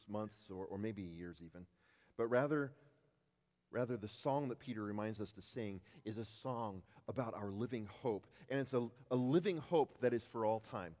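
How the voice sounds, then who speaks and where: A man preaching a sermon as pastor, often repeating words as he restarts, rising to loud declarations and dropping to hushed tones. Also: fairly low pitch, moderate pace, big-room sound.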